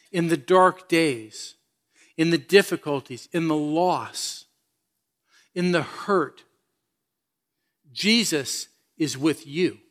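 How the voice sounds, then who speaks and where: A man's voice: fairly high pitch, fairly bright tone. Earnest male pastor preaching. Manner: earnest, emphatic preaching with questions to the congregation. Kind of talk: sermon.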